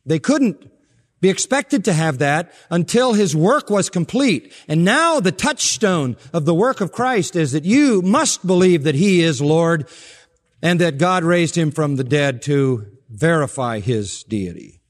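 A man preaching a sermon with a slightly high voice that leaps up for emphasis and falls soft at the ends of phrases. His voice carries a long reverb from a large church hall. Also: lively intonation, measured pace. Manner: emphatic preaching with sharp rises and soft drops. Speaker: pastor.

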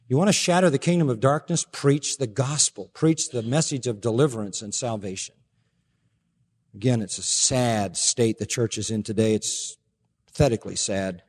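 A male pastor preaching a sermon emphatically, with rhetorical questions and low, pointed stresses. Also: normal speed, darkish tone. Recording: preached in a hall with long reverb.

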